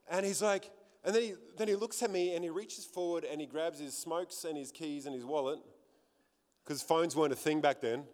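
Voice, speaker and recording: Earnest Australian preacher, high voice. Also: male voice, moderate pace, darkish tone. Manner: earnest, conversational, repeats phrases for emphasis. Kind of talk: sermon with personal testimony. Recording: long hall reverb.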